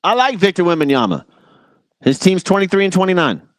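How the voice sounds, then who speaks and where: A man's voice: high voice, lively intonation, a little fast, dry recording, studio quality. A man hosting a sports talk show, giving a casual, opinionated monologue in a blunt and exasperated way.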